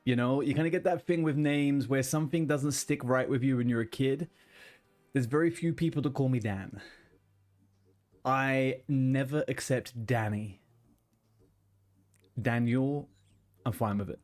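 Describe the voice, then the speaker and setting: A man's voice: medium pitch, unhurried, long pauses, a little mellow. A man streaming a game, chatting casually and rambling between tasks, swearing now and then. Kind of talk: casual gaming chat.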